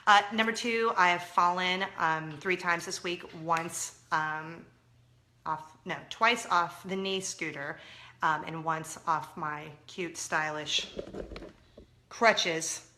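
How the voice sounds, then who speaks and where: Chatty, bright-voiced mom vlogger. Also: female voice, lowish voice, takes it slowly. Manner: chatty and expressive, swinging from loud to hushed. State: injured, in a leg cast. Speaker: parenting vlogger. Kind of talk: casual chat to camera.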